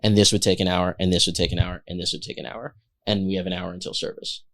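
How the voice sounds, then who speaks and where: A man, a chef who is a guest on a podcast, telling animated stories in casual chat and acting out the voices of the people in them. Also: low voice, quick pace. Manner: animated, acts out quoted voices.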